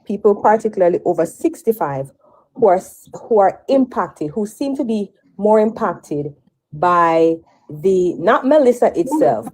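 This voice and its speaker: A woman's voice: medium pitch, animated, a little slow, a little mellow, low-quality recording. A woman explaining health advice as a talk-show guest, careful, with frequent restarts.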